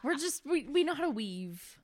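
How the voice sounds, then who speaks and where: A woman co-hosting a podcast in casual chat, playful and quick to giggle. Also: high voice, very animated, crowd noise. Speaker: podcast co-host.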